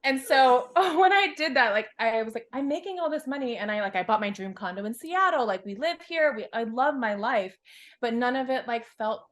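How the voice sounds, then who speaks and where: A woman in her thirties, a success coach from Hawaii, tells her story on a podcast in a candid, expressive way, swearing freely and acting out her past thoughts. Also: on the high side, normal speed.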